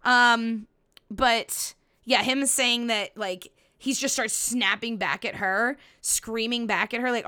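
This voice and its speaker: A young woman hosts a casual solo podcast, chatting bluntly and animatedly and swearing freely. Her voice is bright and sharp, set a little high, and she often acts out what others said. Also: takes it slowly, smooth. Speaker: podcast host.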